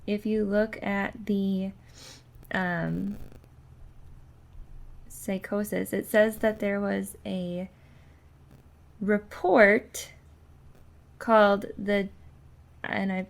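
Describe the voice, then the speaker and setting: Young woman podcast cohost, slow and kinda gravelly, lots of ums, reading stuff out loud. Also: mid-range voice. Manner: halting, many ums and restarts. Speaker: podcast co-host. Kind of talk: casual chat, reading a passage aloud.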